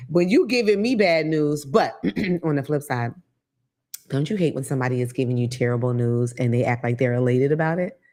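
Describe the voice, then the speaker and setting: Low-voiced woman hosting a blunt talk show. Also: moderate pace. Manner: blunt, profane, animated storytelling. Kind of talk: casual comedic monologue.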